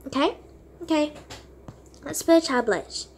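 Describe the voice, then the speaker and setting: A woman's voice: high-pitched, unhurried, slight background noise. A woman playing and narrating a toy role-play game, talking casually to her viewers.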